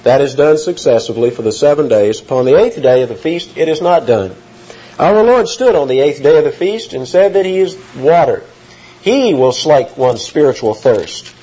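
A man's voice: fairly high pitch, expressive, normal speed, mellow. A man preaching an expository sermon in an earnest teaching tone, rising in emphasis on key phrases. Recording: dull lo-fi recording.

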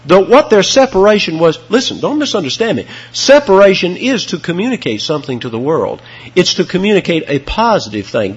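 A man preaching an expository sermon, emphatic, with dramatic swings in pitch and loudness, on a dull lo-fi recording. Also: breathy edge.

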